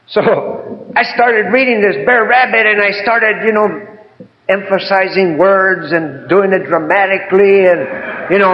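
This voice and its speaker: A man's voice: high voice, muffled recording. An older man giving a heartfelt, rambling personal testimony about his recovery, often adding "man" and "you know". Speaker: recovery speaker.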